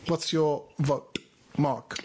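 A woman's voice: low voice, steady tone, drawn-out words, darkish tone, husky. A woman hosting a casual online panel chat, tallying votes and saying "okie dokie" often. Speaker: panel show host.

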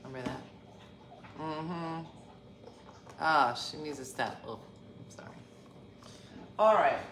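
A woman's voice: low-pitched, slow, a bit bright. A woman in her fifties chatting casually and jokingly to her viewers at home, often laughing. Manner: chatty and jokey, with frequent laughs. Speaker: vlogger. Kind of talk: casual morning chat to viewers. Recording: echoey room with clear background noise.

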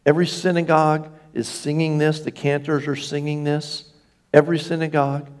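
A man's voice: fairly high pitch, level tone, brisk, darkish tone, clean tone. A man preaching a sermon in a church, emphatic, lifting his voice on key phrases and asking the congregation for agreement. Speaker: pastor.

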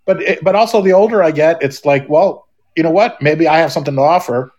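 A man's voice: on the high side, quick pace, a little mellow, lo-fi sound. Man, middle-aged, podcast guest, casual rambling chat, lots of restarts. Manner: rambling, many restarts and fillers.

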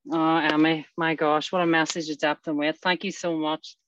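A meeting host who warmly thanks the speaker, then reads a passage aloud with devotion. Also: mid-range voice, little pitch movement, moderate pace, highs cut off, a little hiss or hum. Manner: warm and effusive, devout.

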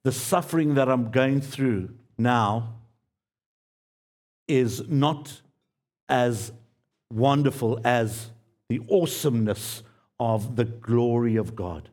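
A man's voice: medium pitch, takes it slowly, pauses often, darkish tone. Earnest man preaching a sermon. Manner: earnest, pleading, repeats key phrases. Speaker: pastor.

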